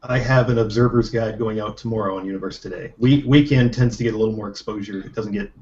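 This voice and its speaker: A man's voice: on the low side, fairly even intonation, fast talker, darkish tone, slight background noise. A man chatting on a panel over a video call, rambling and tripping over his words. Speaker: panelist, writer. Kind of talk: casual panel chat. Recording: dull lo-fi call audio.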